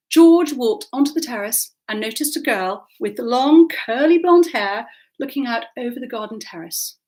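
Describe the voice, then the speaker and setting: A woman reading aloud from her own novel with a lively, expressive storytelling manner. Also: a little high. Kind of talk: audiobook narration.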